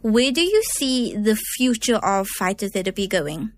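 A woman hosting an interview, asking clear, prepared questions in a scripted way. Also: mid-range voice, big pitch swings, normal speed, no echo. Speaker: interviewer host.

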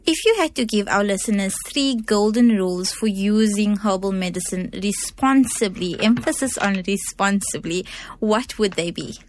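A woman hosting an interview, asking clear, prepared questions in a scripted way. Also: medium pitch, moderate pace, few pauses, slight background noise. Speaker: interviewer host.

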